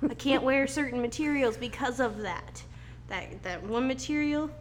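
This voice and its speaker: A woman's voice: sits high, moderate pace, slight background noise. A woman co-hosting a casual podcast, telling stories in a joking, self-mocking way and swearing casually. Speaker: podcast co-host.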